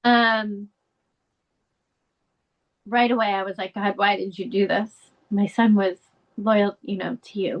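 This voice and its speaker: Middle-aged mom being interviewed, earnest and candid, kinda muffled lo-fi audio. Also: female voice. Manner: earnest, candid, rising pitch when emotional. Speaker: guest, bereaved mother and advocate. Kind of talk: emotional interview conversation.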